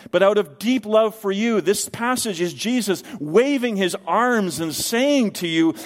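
A middle-aged man, a pastor, preaching a sermon with slow, emphatic stresses in a church sanctuary. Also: sits high, lively intonation. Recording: long hall reverb.

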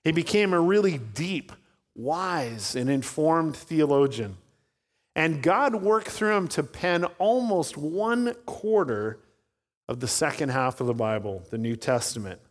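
A man's voice: on the high side, sing-song, a little slow, big-room sound. A man preaching a sermon as pastor, telling stories and acting out voices in his anecdotes.

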